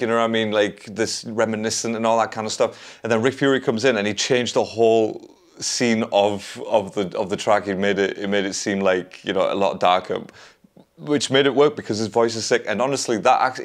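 A man hosting a music reaction, chatting casually and rambling, with lots of "like" and restarts. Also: on the low side.

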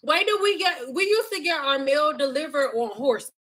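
A woman's voice: high voice, lively intonation, brisk, fairly bright tone. A woman who used to do hair professionally, chatting casually on a live stream and answering viewers' hair questions in a sassy, direct way.

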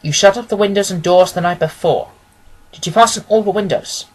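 A man reading aloud who voices a calm, courteous detective asking polite, probing questions in a husky voice. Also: high-pitched, brisk, voice pushed up, low-quality recording.

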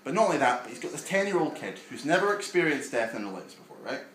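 A man's voice: mid-range voice, very animated, fast, a bit bright. Wry young male stand-up comic. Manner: wry, self-deprecating, chatty with the front row. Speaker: stand-up comedian. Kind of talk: live stand-up set. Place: small basement coffee house venue. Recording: echoey room with audience noise. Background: audience ambience and laughter.

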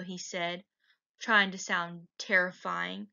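A woman teacher reading a picture book aloud in a slow, expressive way. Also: on the low side, creaky. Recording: dull lo-fi recording.

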